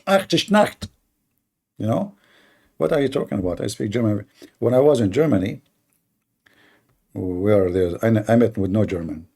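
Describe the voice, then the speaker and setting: A man's voice: lowish voice, gravelly, mellow, husky. A man hosting a live debate stream, talking with callers in a mocking, often laughing way.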